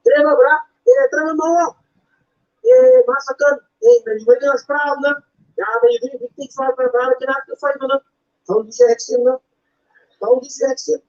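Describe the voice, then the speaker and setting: A man doing a loud pally local. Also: very high-pitched, expressive, normal speed, muffled recording. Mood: pleading. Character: eager hometown man urging him to keep his accent.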